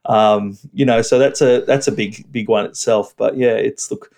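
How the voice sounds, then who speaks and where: Priest talking with many restarts. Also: male voice, lowish voice, fairly even intonation, normal speed, vocal fry, darkish tone. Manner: hesitant, many fillers and restarts, chuckling. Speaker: Catholic priest, podcast guest. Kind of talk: casual podcast conversation.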